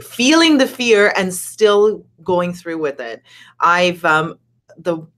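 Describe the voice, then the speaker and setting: A woman co-hosting a casual live-stream chat, talking in an animated way that climbs high when she gets excited. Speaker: co-host.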